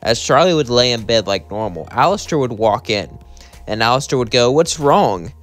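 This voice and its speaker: A man's voice: medium pitch, lively intonation, a little fast, a bit bright, soft background music. A man telling an improvised fan story in a casual, rambling way, chaining events together with repetitive phrasing.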